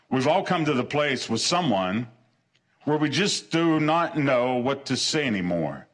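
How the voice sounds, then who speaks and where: This pastor's sermon is earnest, with short phrases repeated for emphasis and sentences that stumble and restart partway through. He has a medium-pitched, slightly bright voice.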